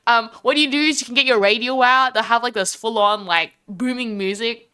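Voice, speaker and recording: A woman's voice: on the high side, a little fast, pushed and bright, clear, resonant tone. A young Australian woman chatting casually and bubbly on a live stream, rambling and giggling between thoughts.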